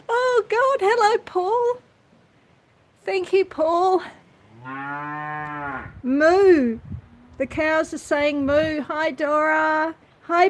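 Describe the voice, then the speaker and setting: An Australian woman hosting a casual livestream from her outdoor verandah, chatty and a little nervous as she greets viewers by name. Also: high-pitched. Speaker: homestead channel host. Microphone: phone.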